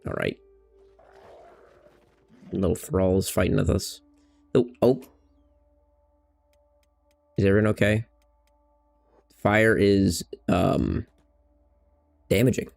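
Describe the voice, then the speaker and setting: A man rambles through casual gameplay commentary, playful and easily sidetracked. His voice is gravelly and jumps around a lot in pitch. Faint music plays under him. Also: very animated, drawn-out words, pauses often, a little mellow. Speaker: gamer.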